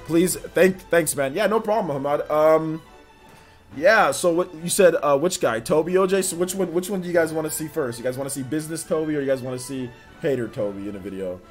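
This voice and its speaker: A man's voice: fairly high pitch, expressive, brisk. A man hosting a livestream in a casual, rambling way, full of fillers and talking straight to his chat. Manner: rambling, filler-heavy, addresses chat directly. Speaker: livestream host. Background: faint background music.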